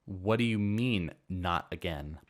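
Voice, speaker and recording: A man's voice: low voice, slow. A man voicing a stern, exasperated woman homeowner in a story reading. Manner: firm, exasperated.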